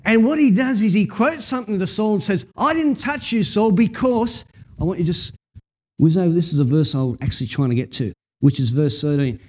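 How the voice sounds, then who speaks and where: Animated preacher, high-voiced man. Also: fast talker. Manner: animated storytelling, acting out scenes. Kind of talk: sermon.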